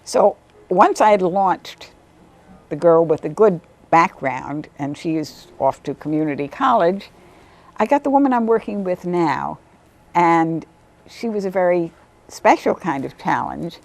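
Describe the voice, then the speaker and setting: A woman, a volunteer literacy tutor, telling stories about her students in a lively interview, sometimes acting out what they said. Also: a little slow, creaky. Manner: animated, acts out quotes in a higher voice. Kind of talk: storytelling interview.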